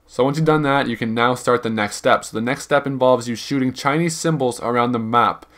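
A man's voice: medium pitch, fairly quick, fairly bright tone. Young man rambling through a game walkthrough. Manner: rambling and informal, hedges numbers, repeats himself. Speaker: gaming video guide creator. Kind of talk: casual gameplay walkthrough narration.

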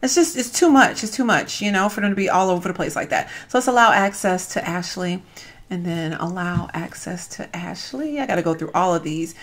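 A woman's voice: fairly low pitch, brisk. A woman, chatting casually over a video game and cooing at the characters on screen. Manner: chatty and animated, coos at the babies, says "y'all" and "ain't". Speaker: gaming YouTuber. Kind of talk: casual gameplay commentary.

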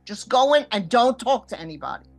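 An older woman recounting how she was scammed, acting out the voices of others and swinging between hushed and loud moments. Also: a little high, very animated, brisk. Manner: vivid, acts out quoted voices, shifts between hushed and loud. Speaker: scam victim telling her story. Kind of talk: emotional first-person storytelling.

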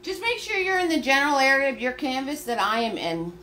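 A woman's voice: high voice, lively intonation, fairly quick, bright, forceful tone, soft background music. Chatty woman teaching a painting stream. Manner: chatty, upbeat, talks viewers through steps. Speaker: paint party instructor. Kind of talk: live-streamed painting lesson.

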